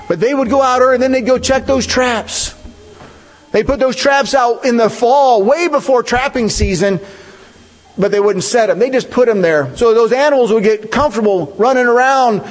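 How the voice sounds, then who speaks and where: A man's voice: high-pitched, long reverb tail. A male pastor preaching a conversational sermon, asking his listeners questions and leaning hard on key points. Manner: conversational, rhetorical questions, animated emphasis.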